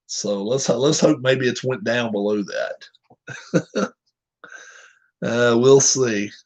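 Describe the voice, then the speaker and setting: A man's voice: medium pitch, fairly even intonation, takes it slowly, a little mellow. A man chatting casually with his viewers, rambling and joking as he reads their comments aloud. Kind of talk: casual chat. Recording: dull lo-fi recording.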